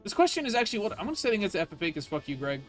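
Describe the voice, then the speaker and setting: A man's voice: high voice, very animated, rapid-fire, soft background music. A man streaming a video game, ranting in casual, profane commentary.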